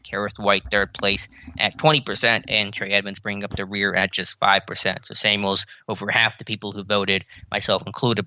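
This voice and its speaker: A man co-hosting a sports podcast, talking quickly and matter-of-factly in a lowish voice. His tone is sharp and very bright. The recording is dry, with a slightly dull, lo-fi mic sound. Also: no room sound. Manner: brisk, matter-of-fact, teasing. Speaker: podcast co-host. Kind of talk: casual sports analysis.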